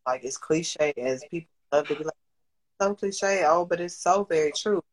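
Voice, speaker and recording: A woman's voice: low voice, fairly quick, low-quality recording. Candid, swearing woman in her thirties. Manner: candid, rambling, swears freely, emotional. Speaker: guest, business owner and single mother. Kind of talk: candid podcast conversation.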